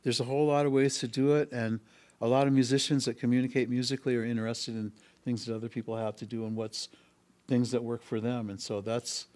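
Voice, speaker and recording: A man's voice: mid-range voice, flat delivery, fast talker, darkish tone. Picture a male musician settling into a guest chair at a music school podcast studio. His medium voice wanders through an anecdote, and he stops often to hesitate before picking the thread back up. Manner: rambling, with frequent hesitations. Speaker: musician guest, harmonica and bass player. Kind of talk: casual storytelling in an interview.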